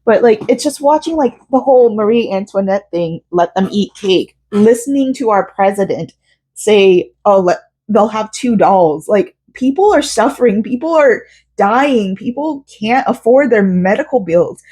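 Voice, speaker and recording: A woman's voice: medium pitch, lively intonation, measured pace, dark tone, slightly rough. Young woman vlogger from Florida, emotional, rambling with fillers, mid-range voice. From Central Florida, US. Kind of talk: personal vlog.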